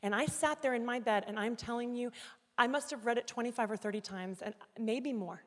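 A woman giving a sermon, telling a personal story with dramatic, emotional swings between quiet reflection and loud pleading. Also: on the high side, fairly quick. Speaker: guest speaker. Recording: reverberant hall.

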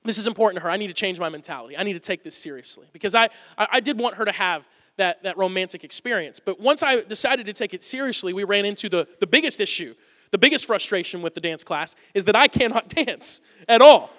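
A man with a very high, bright voice preaching a humorous sermon to his congregation. He tells self-deprecating stories in a loose, conversational way, and his voice rings out through a large hall with long reverb. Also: animated, fast talker. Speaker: pastor.

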